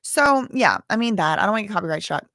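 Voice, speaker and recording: A woman's voice: medium pitch, animated, fast, creaky, fairly bright tone, no room sound, clean studio sound. A woman in her thirties, a streamer talking casually and self-deprecatingly, rambling with many restarts. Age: 30s. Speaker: commentary streamer. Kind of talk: casual chat.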